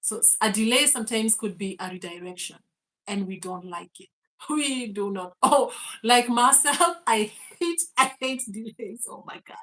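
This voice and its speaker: A woman's voice: fairly high pitch, lively intonation, moderate pace, fairly bright tone, poor audio. A woman, hosting a faith and mindset livestream, laughing often and greeting viewers by name. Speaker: host.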